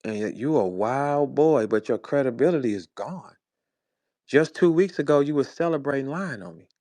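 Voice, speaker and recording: A man's voice: medium pitch, lively intonation, normal speed, mellow, no echo. A man in his forties from St. Louis delivering a heated, profane, mocking rant as host of his own show. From St. Louis, USA. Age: 40s. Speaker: battle rap personality, host. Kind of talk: heated monologue.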